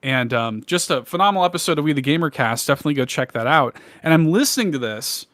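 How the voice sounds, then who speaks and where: A man's voice: a little high, expressive, fast, a bit bright, no echo, studio quality. A man co-hosting a podcast, talking casually and enthusiastically with many fillers. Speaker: podcast co-host. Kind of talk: casual chat.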